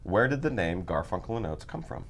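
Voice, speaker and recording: A man's voice: deep voice, animated, a little fast, vocal fry, a little hiss or hum. A young man hosting a casual web talk show, upbeat and joking with his guests. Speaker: host.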